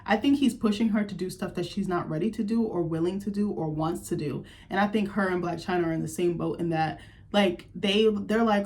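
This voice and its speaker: A woman's voice: mid-range voice, fairly quick, darkish tone. A woman giving a candid, chatty recap of a TV episode in her vlog, sharing her opinions with plenty of fillers. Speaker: TV recap vlogger.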